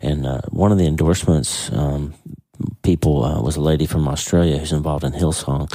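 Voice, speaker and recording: A man's voice: rumbling low, steady tone, dark tone, no room sound. A man hosting a faith podcast, talking earnestly with many restarts, his voice cracking with emotion. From United States. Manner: earnest, halting, repeats words. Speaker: podcast host. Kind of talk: casual devotional talk.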